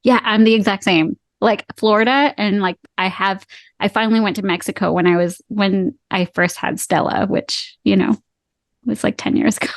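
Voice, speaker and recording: A woman's voice: mid-range voice, fairly even intonation, normal speed, no echo. Chatty woman podcast host, dry sound. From Canada. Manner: chatty and encouraging, laughs easily. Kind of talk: casual interview chat.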